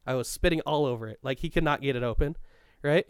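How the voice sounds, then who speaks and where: Profane, rambling man with a clear voice. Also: medium pitch, fast talker, no echo, clean studio sound. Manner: profane, rambling, laughs often; stops to look things up mid-talk. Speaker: co-host reminiscing about school days. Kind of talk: casual chat.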